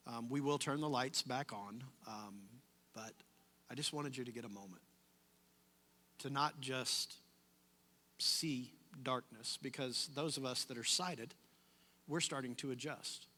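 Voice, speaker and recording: A man introduces a guest to a church gathering in a calm, explaining manner. His voice is bright and clear at a middle pitch. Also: a little slow. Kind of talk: introducing a speaker.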